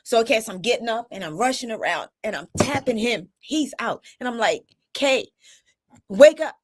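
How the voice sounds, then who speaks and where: A middle-aged woman with a slightly high voice recounts a story to her live-stream viewers. She talks in a dramatic, reliving way, restarting sentences and tagging them with questions. The sound is that of a phone or webcam mic. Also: animated, fairly quick. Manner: tag questions, repeats and restarts. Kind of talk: casual emotional storytelling.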